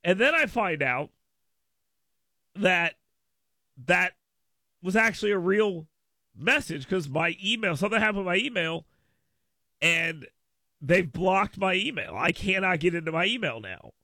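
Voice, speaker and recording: A man's voice: high-pitched, expressive, measured pace, pauses often, bright, forceful tone, dry recording. A man hosting a radio talk show, rambling and repeating himself in casual chat, laughing often, at a studio microphone.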